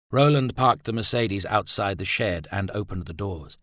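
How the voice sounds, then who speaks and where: A man reading a novel aloud as narrator in a measured storytelling manner. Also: fairly low pitch, fairly bright tone, no room sound, studio quality. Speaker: audiobook narrator. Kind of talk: scripted narration.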